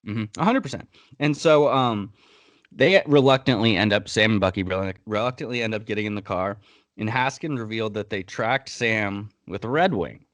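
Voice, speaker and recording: A man's voice: lowish voice, moderate pace, a bit bright, dry recording. A man hosting a casual podcast, breaking down a TV episode in a heated, blunt way and swearing freely. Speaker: podcast host.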